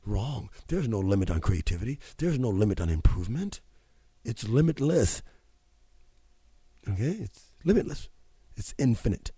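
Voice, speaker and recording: A man's voice: fairly low pitch, very animated, normal speed, pauses often, mellow, slightly rough, no echo, studio quality. A man hosting a show, giving a motivational talk in an emphatic, preachy way and repeating phrases for effect. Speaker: radio show host.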